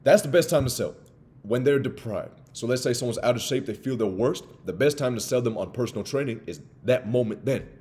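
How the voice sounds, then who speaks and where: An energetic young man coaching on sales straight to camera. He talks with lively energy and slips into little acted dialogues with customers. His voice sits at an everyday middle pitch. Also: brisk. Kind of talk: motivational talk to camera.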